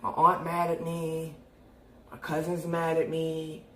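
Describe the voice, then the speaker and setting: Animated, cussing young New woman. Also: sits low, slow pace, a little hiss or hum. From New York. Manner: animated, profane, laughs often. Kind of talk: casual storytelling. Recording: roomy echo.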